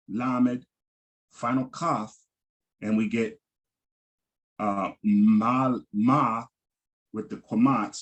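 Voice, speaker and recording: Slow, patient man teaching a lesson. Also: fairly low pitch. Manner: patient, repeats words slowly, frequent ums. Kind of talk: slow Hebrew vocabulary lesson.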